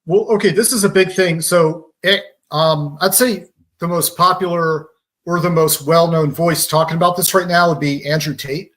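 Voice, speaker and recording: A man from Georgia talks through his points as a radio guest, calm and analytical, reaching for pop-culture comparisons. His voice sits a little high for a man. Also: normal speed. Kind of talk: conversational explaining.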